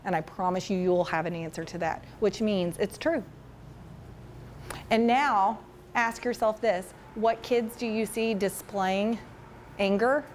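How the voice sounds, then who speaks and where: A woman giving a chatty, animated talk to a room of parents, often tossing questions to the audience. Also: mid-range voice, a little slow, slight background noise. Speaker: school parent education presenter. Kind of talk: casual presentation to parents.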